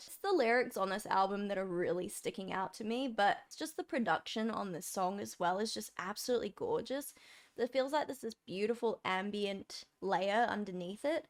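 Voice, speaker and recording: A woman's voice: mid-range voice, moderate pace. A woman hosting a music reaction video in a chatty, openly emotional way, talking straight to her viewers. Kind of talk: casual reaction commentary.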